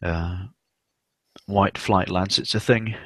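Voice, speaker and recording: Brief: young man, low voice, dry close mic, loose sweary rambling host. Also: fairly even intonation, slow, pushed and bright, no room sound. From South West England. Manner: rambling and sweary, many fillers. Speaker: stream host. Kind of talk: casual livestream chat.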